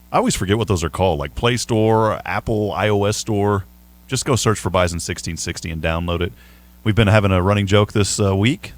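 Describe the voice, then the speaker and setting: Animated chatty male radio host. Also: fairly low pitch. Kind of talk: casual sports radio talk. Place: radio studio.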